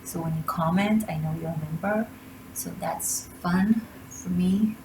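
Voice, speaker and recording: Woman tarot reader with a lower voice, blunt and emphatic, recorded in an echoey room with clear background noise. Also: a little slow. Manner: blunt, emphatic advice-giving. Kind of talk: tarot reading monologue.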